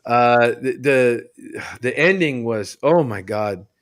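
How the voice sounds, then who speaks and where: A man's voice: mid-range voice, animated, takes it slowly. A man on a podcast panel chatting casually, mocking and swearing, often laughing.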